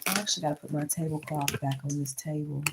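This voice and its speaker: A candid woman in her late thirties chats casually to her viewers while she tidies the kitchen of her small apartment. Her voice sits fairly low for a woman. The home recording carries a clear layer of background noise. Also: fairly even intonation, quick pace. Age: 30s. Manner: chatty, candid, talks to viewers as y'all. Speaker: vlogger. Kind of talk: casual chat while doing chores.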